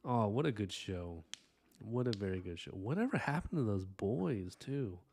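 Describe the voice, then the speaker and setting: A man with a lowish voice talking through an art live stream in a loose, rambling way. He thanks his viewers earnestly and drifts into soft asides and fillers between thoughts about his drawing. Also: animated, moderate pace, slight background noise. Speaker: live-stream artist host. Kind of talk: casual live-stream chat while inking.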